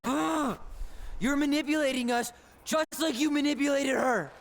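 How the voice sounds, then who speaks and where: A man's voice: medium pitch, big pitch swings, normal speed, lightly acted. An actor voicing a protective, hot-tempered young man in a video game, blunt and swearing. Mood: angry.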